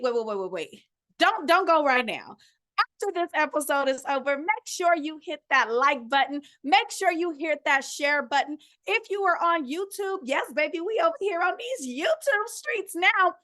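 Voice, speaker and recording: A middle-aged woman hosting her own podcast as a life and relationship coach, talking to listeners in an animated, preachy way with casual slang and asides. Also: high-pitched. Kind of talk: energetic solo podcast coaching talk.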